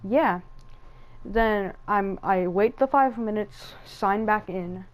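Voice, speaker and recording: A woman with a middle-range voice tells a story as she plays a game. Her speech rambles and gets excited, and she often restarts her sentences and fills gaps with "like". She speaks close to a gaming headset. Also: medium pitch, takes it slowly, low-quality recording. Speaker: gaming channel host. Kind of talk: casual story time over gameplay.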